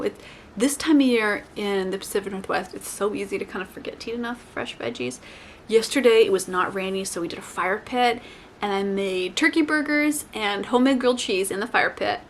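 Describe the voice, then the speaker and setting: A woman's voice: medium pitch, slight background noise. Chatty woman vlogging self-care tips. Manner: rambling, self-correcting, with quick asides; lively, playful asides to viewers. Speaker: lifestyle vlogger. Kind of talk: casual chatty advice to camera.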